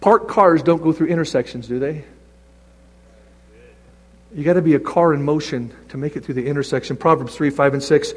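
Animated high-voiced male preacher. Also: brisk. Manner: animated, acts out voices and scripture readings. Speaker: pastor. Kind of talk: sermon. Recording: long reverb of a large hall.

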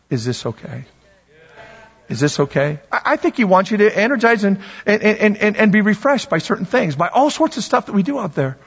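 A man preaching a sermon in a lively, conversational way, repeating words for emphasis and bantering with the congregation. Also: high voice. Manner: animated, conversational preaching with repetitions and asides to the congregation. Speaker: pastor. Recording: dull sound with long hall reverb.

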